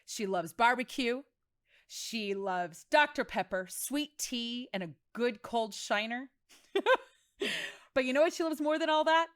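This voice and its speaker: A woman from Texas hosts a podcast in a bright, higher-pitched voice, telling casual stories with big dramatic flair. She laughs easily and throws herself into every tale. The sound is close and dry, with no room echo. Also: a little slow, clear, resonant tone. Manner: animated and self-admittedly dramatic, laughs often. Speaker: podcast host. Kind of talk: casual storytelling chat.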